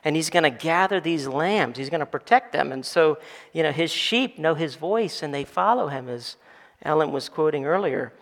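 A man's voice: fairly high pitch, lively intonation, normal speed, fairly bright tone. A man preaching a sermon as pastor, building to emphatic calls for the congregation to answer. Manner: building to emphatic call-and-response. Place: church sanctuary. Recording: long reverb of a church hall.

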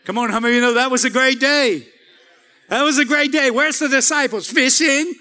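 Male pastor, very high pitch, long reverb of a church hall, call-and-response preaching. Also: a little fast, pushed and bright. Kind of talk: sermon. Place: church sanctuary.

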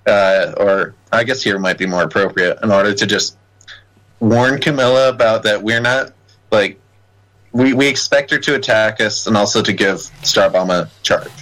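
A man's voice: lowish voice, fairly bright tone, rough recording. A young man playing a tabletop game, hesitant and saying 'like' a lot. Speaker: player. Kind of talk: casual tabletop play.

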